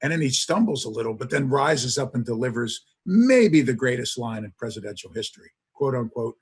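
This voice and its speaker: A husky-voiced man at a middle pitch, speaking as a history professor. He lectures with eager storytelling and leans on frequent "uh"s between his points. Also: expressive, a little fast, few pauses. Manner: enthusiastic storyteller, many filler "uh"s. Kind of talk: lecture to an audience.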